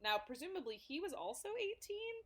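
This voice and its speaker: A woman's voice: sits high, sing-song, fairly quick, fairly bright tone. A woman co-hosting a podcast, chatting casually about a film, laughing and speaking to listeners. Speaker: podcast co-host. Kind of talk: casual film-review chat.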